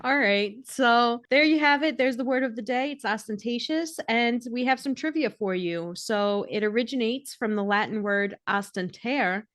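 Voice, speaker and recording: A woman's voice: on the high side, moderate pace, hardly any pauses, fairly bright tone, no room sound, studio quality. A woman co-hosting a podcast in casual chat, giggly and easygoing as she runs the segments. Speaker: podcast co-host.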